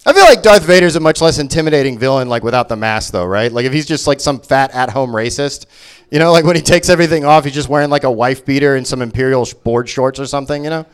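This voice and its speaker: A man's voice: mid-range voice, quick pace, clean tone. A man doing a stand-up comedy set, ranting sarcastically with lots of swearing. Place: comedy venue.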